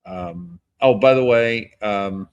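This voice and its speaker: A man's voice: mid-range voice, big pitch swings, takes it slowly, creaky, smooth, dull audio. A man hosting his own show in casual political commentary, rambling, blunt and profane, breaking into chuckles often. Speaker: host.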